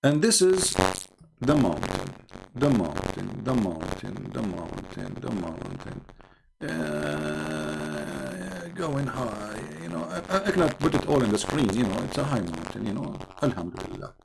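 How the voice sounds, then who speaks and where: Arabic accent guy mocking a story on a stream, voice all over the place, lowish, noisy mic. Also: sing-song, measured pace, creaky. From Arab world. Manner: sarcastic, theatrical storytelling with many repeats. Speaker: online religion debater. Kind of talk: mocking livestream talk.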